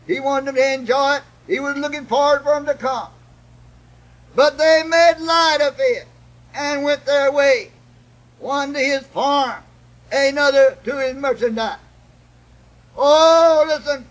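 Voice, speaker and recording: A man preaching a sermon, putting a breathy "uh" between phrases. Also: very high voice, fairly bright tone, rough recording. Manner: chanting, with "uh" after each breath and repeated "God bless your heart". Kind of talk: old-time preaching sermon.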